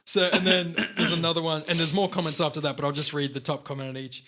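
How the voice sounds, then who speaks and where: A man's voice: a little high, little pitch movement, fast talker, pushed and bright. A man with an Australian accent, a podcast host in casual chat, rambling and swearing freely. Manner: rambling, swears casually, stumbles over restarts.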